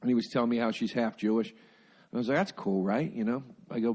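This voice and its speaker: A middle-aged man with a mid-pitched voice, co-hosting a comedy podcast. He rambles through anecdotes in a loose, profane way, tossing in "dude" and "man" all the time. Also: quick pace, a little mellow, slightly rough. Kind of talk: casual chat.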